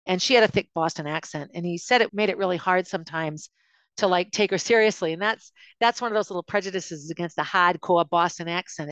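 A woman's voice: lowish voice, a bit bright, no room sound, dull audio. A woman hosting a podcast, telling her own life story in an emotional, confiding way that often restarts mid-sentence. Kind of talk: personal storytelling monologue.

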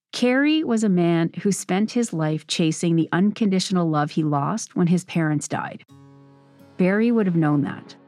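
A woman hosting a podcast, delivering measured, scripted documentary narration. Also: lowish voice, no room sound, studio quality. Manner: measured, even storytelling.

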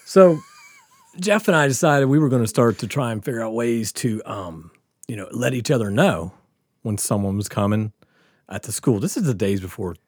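A man's voice: mid-range voice, lively intonation, normal speed, a little mellow, no room sound. A man casually telling a profane, laughing story from his school days on a podcast.

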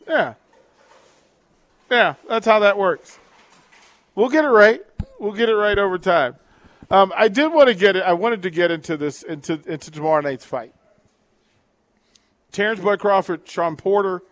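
A man's voice: high voice, lively intonation, normal speed, long pauses, fairly bright tone, dry recording. Chatty male sports radio host. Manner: chatty, repeats words and restarts, reads listener texts. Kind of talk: casual call-in sports talk.

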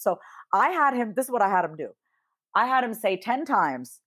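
A woman in her thirties, a therapist and podcast guest, telling stories in casual interview chat and acting out quoted lines with lively swings. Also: mid-range voice, moderate pace. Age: 30s. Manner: animated storyteller who acts out quoted dialogue, swears casually.

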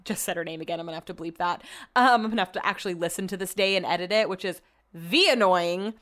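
A woman's voice: on the low side, quick pace. A woman hosting a podcast, telling a story in a chatty, casual way and swearing freely. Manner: chatty, profane, animated retelling. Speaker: podcast host.

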